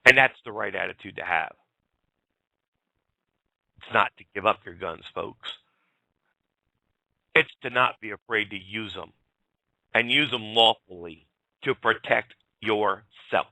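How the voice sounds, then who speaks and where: A man's voice: lowish voice, a little slow, creaky, long pauses, sharp tone, no echo. A man hosting a talk radio show, ranting bluntly and addressing his listeners as folks. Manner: blunt, fired-up, swears and addresses folks directly. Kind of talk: casual talk radio rant.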